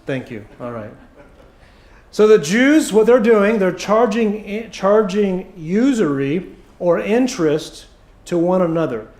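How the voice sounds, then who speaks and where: Hoarse, high-voiced preacher in an echoey church. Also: male voice, sing-song, a little mellow. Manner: emphatic preaching, slowing for stress. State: hoarse throat. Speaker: pastor. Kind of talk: sermon. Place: church sanctuary.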